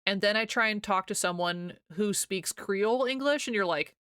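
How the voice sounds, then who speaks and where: A woman's voice: mid-range voice, moderate pace, fairly bright tone, clean tone, dry recording, studio quality. A young American woman streaming live, chatting casually with her viewers, rambling and laughing often as she reads chat aloud.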